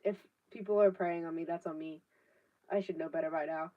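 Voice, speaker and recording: The distant, muffled laptop audio carries a 19-year-old woman's deep voice as she chats on a live stream. She talks briskly with fairly even intonation, rambling along with lots of fillers and casual swearing.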